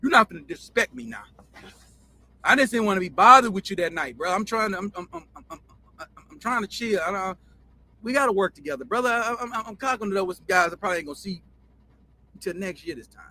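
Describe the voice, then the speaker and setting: A man's voice: high voice, expressive, fast, pushed and bright, exaggerated voice. A man acting out a furious, profane middle-aged football coach in a heated, defiant rant. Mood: angry.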